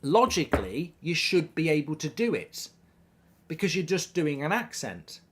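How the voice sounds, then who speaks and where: A man hosting a live football watchalong, reacting to the match and reading viewer comments in an excitable, animated way, often stumbling and restarting his sentences. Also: on the high side, normal speed, a little hiss or hum. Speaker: host of a football watchalong stream.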